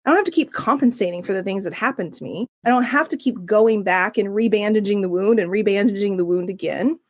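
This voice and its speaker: A middle-aged woman, a recovery coach, telling her story as a guest in an interview, earnest and animated. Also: medium pitch, dry recording, studio quality. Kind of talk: interview conversation.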